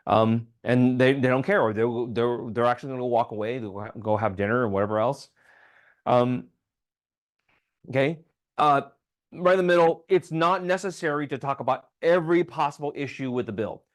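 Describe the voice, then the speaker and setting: A man's voice: medium pitch, moderate pace. A man who is a state legislator giving a casual training talk at a town hall meeting, with frequent ums and restarts and checking in with "okay?".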